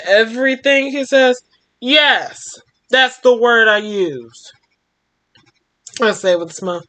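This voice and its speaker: A woman's voice: a little high, takes it slowly, fairly bright tone. A young woman hosting a storytime show, reading a fan story aloud and reacting with laughs. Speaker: storytime host.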